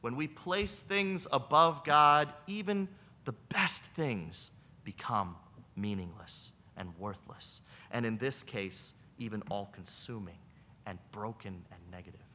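A male pastor giving a conversational sermon and telling a story in a lively way. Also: on the low side, slow, a little hiss or hum.

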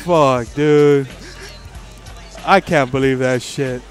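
Profane, animated male streamer. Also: a little high, normal speed, soft background music. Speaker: livestream host. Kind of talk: casual storytelling on stream.

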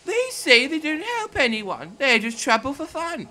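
A man's voice: very high-pitched, wildly swooping pitch, unhurried, voice pushed up, exaggerated voice. A man voicing a fretful female passenger coach who moans and grumbles. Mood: upset. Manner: moaning, grumbling. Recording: loud music under the voice.

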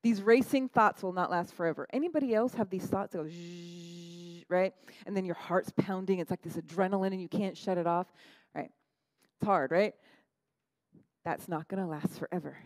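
A middle-aged woman pastor delivering a lively, conversational sermon, often tossing in "right?" to the congregation. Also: on the low side, normal speed, dry recording, rough recording. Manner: animated, conversational, frequent "right?" asides.

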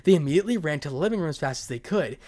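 A man's voice: fairly high pitch, lively intonation, rapid-fire, warm tone. A man reading a fan fiction story aloud as narrator, dramatic with the odd stumble.

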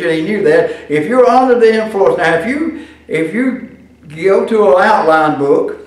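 A man lecturing on preaching in a folksy, halting way, stumbling through fillers and restarts. His voice sits somewhat high and is picked up from a distance. The room rings with heavy echo. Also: darkish tone. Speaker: preaching class teacher.

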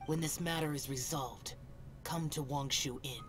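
A woman's voice: sits low, normal speed, close to an everyday voice. A woman voicing a curt, cold young warrior. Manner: terse, clipped and dismissive. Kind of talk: video game voice acting. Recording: game audio with music.

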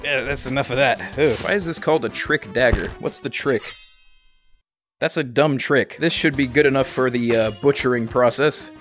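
A man's voice: mid-range voice, normal speed, fairly bright tone, soft background music. A young man hosting a gaming video, with goofy, joke-filled commentary and frequent laughter. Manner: goofy, laughs often, jokey asides to the viewer. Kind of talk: let's-play commentary.

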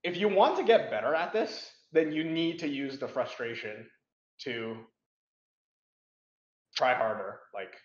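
Young male guest, casual and blunt, halting rambly delivery, roomy muffled sound. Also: mid-range voice, animated. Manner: rambling, frank, lots of fillers and restarts. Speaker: interview guest, competitive programmer. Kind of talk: casual interview chat.

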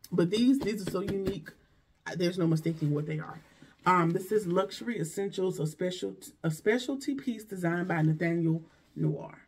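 A woman's voice: sits low, gravelly, a little mellow, husky. A woman vlogger chatting casually through a shopping haul, gushing and exclaiming over each item. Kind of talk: casual unboxing chat.

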